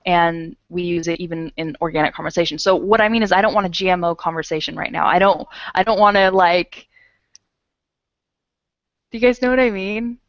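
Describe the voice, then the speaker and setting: A woman's voice: lowish voice, a little fast, dry recording, dull audio. A woman teaching an online English conversation class in a rambling, chatty way, laughing often, speaking through an earphone headset on a video call. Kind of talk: casual online class chat.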